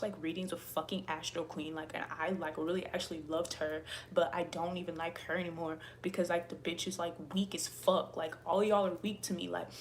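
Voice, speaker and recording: A woman's voice: lowish voice, slight background noise. A woman YouTuber who reads tarot, ranting angrily to camera in a profane, repetitive way.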